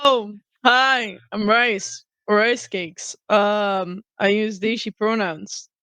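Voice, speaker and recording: Slow, smooth-voiced woman, awkward and giggly. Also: mid-range voice, fairly even intonation, bright, forceful tone, no echo. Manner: awkward, giggly, swears casually. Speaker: player. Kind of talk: casual chat.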